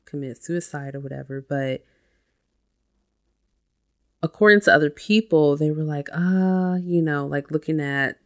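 Woman host, chatty self-help monologue, low and gravelly voice. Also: measured pace, long pauses. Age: adult with a child. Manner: chatty, uses lots of "you know" and "like". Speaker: podcast host.

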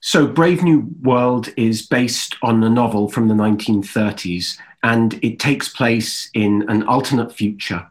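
A man's voice: medium pitch, a little slow, few pauses. A man in his thirties with an English accent, a guest actor chatting easily in an interview, telling stories with loose fillers. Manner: relaxed, easygoing storytelling with fillers. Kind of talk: casual interview chat.

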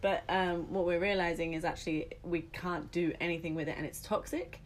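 A woman's voice: lowish voice, steady tone, fairly quick, a little hiss or hum. A young woman from England talking animatedly as a podcast guest, laughing often and swearing casually. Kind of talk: casual chat.

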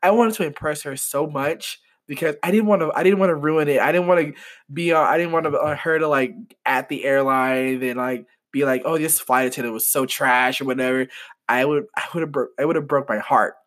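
Young man, flight attendant, casual storytelling, excitable, rambling with restarts, slightly high voice. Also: fairly quick.

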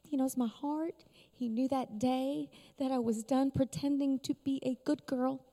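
A middle-aged woman's high, dark-toned voice holds steady at a measured pace as she tells an emotional personal story at a conference, often laughing. She's the speaker in a large conference hall, and the recording carries long hall reverb.

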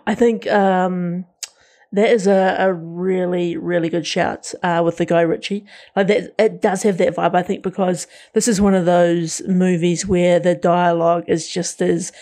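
A woman's voice: fairly low pitch, level tone, measured pace, mellow. A woman co-hosting a pop-culture podcast, chatting with enthusiasm and often restarting her sentences. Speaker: podcast co-host. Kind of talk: casual pop-culture chat.

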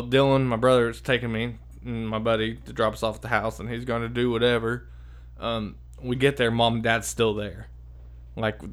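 A man's voice: mid-range voice, fairly bright tone. A man telling a long story in a casual, rambling way, swearing a lot and saying "dude" and "like" constantly. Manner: rambling, profane, lots of fillers like "dude" and "like".

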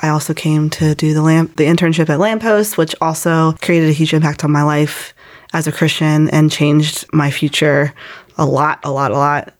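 A woman's voice: sits low, flat delivery, moderate pace. A woman in her twenties, a guest telling her personal faith story in a casual, earnest way, with many "like"s. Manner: casual and earnest, heavy use of "like".

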